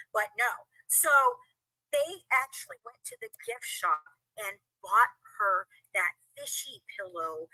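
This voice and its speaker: Woman, streamed interview guest, bright lively voice, acts out quotes, dry close sound. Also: a little high, slightly rough, no room sound, low-quality recording. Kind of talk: casual interview chat. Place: live stream video call.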